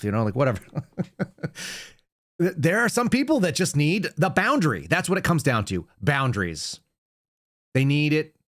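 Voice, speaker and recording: A man hosting a podcast, giving casual political commentary in a conversational way, with fillers and self-corrections. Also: mid-range voice. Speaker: podcast host.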